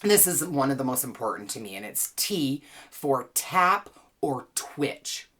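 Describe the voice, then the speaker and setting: Deep-voiced woman leading a chill wellness class, playful and chatty, voice swings all over. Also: very animated, unhurried, breathy edge. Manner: gentle, encouraging, walks listeners through exercises; playful, chatty, laughs easily. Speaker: wellness teacher and author. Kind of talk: guided well-being class.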